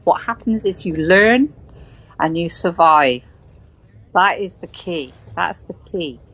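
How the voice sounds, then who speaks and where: A woman's voice: lowish voice, animated, slow, fairly bright tone, breathy edge, poor audio. A British woman with a West Country accent, speaking earnestly as a guest in a casual conversation. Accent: West Country English. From Britain. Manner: earnest, acts out quoted voices.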